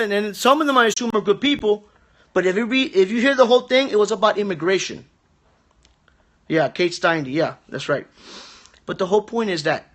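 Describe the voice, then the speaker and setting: A man ranting bluntly and profanely to viewers on a live stream, talking in quick bursts. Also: high voice, a bit bright. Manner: blunt, profane, rapid-fire talk. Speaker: political livestream host. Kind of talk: profane casual rant to viewers.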